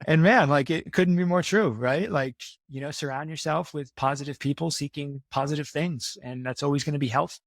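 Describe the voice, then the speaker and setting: A man's voice: fairly high pitch, fairly even intonation, brisk, vocal fry, few pauses, no room sound, studio quality. A man talking as a podcast guest in casual interview talk, earnest and motivational, repeating himself for emphasis.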